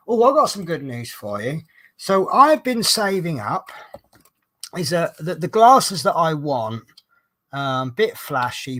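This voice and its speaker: A man's voice: mid-range voice, fairly bright tone. Male hobby vlogger, rambling casual storyteller, mid-range voice. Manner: rambling, chatty storyteller who restarts and corrects himself. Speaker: coach driver and crafting vlogger. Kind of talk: casual chat while diamond painting.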